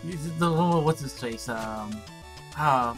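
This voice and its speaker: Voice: mid-range voice, a little slow, over music. A stream participant chatting casually, stumbling over words and swearing freely. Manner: stammering, restarts often, swears. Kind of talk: casual chat.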